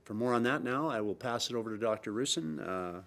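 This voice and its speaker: A middle-aged man giving a measured, earnest press briefing as a premier, often pausing on uh. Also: mid-range voice, animated, gravelly, a bit bright. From Canada. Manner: measured, earnest, with frequent uh fillers and repeated emphasis. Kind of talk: formal press briefing statement.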